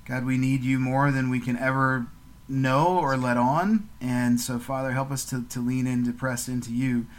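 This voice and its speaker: Man, average pitch, earnest podcast co-host, halting prayer with repeated words. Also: level tone. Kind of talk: casual chat and spoken prayer.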